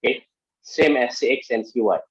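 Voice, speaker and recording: A man lecturing on engineering statics in halting speech full of fillers and restarts, working through a problem step by step. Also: medium pitch, slightly rough, no echo. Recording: muffled lo-fi audio.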